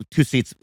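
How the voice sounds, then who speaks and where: A man in his fifties, a comedian guest trading playful, defensive banter in a casual podcast chat and breaking into high laughs. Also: no room sound, studio quality. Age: 50s.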